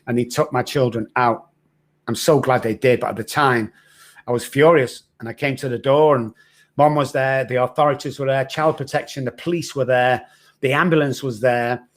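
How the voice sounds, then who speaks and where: A man's voice: medium pitch, fairly even intonation, normal speed. Middle-aged man, raw and frank. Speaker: recovery expert guest. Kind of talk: candid personal storytelling.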